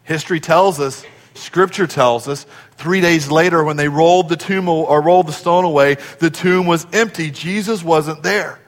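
High-voiced pastor preaching in a reverberant church. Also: male voice, normal speed. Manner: dynamic, swinging from shouts to whispers; urges the congregation to respond. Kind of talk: sermon. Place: church sanctuary.

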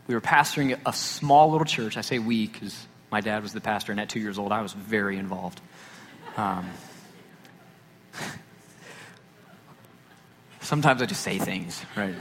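A Texas pastor preaches a sermon, sharing a personal story conversationally and tossing in self-deprecating asides. His voice is lowish and a bit bright, and the recording carries a long hall reverb with faint noise.

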